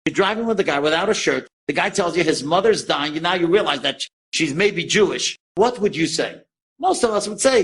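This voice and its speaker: A rabbi telling an inspiring story to listeners, animated and lively, acting out the people in it. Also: male voice, on the high side, quick pace, creaky, breathy edge. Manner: animated storyteller who acts out quoted voices.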